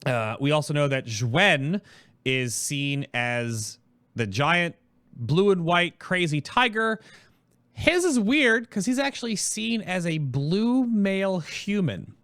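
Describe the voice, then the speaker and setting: A man hosting his stream, talking casually and quickly about a project, rambling through explanations. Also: on the high side, big pitch swings, fairly bright tone, dry recording, studio quality. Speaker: host.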